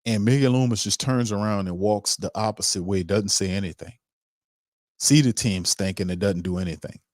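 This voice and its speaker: A man's voice: fairly low pitch, normal speed, darkish tone, dry recording, clean studio sound. A man hosting a sports podcast, ranting emphatically in casual slang with heated repetition. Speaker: podcast host.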